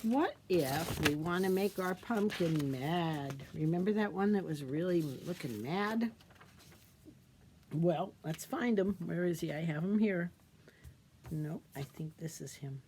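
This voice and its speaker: Slow, gentle children's librarian woman. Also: fairly low pitch, slight background noise. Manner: gentle, slow, sing-song teacherly prompting. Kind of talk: storytime craft demonstration for kids.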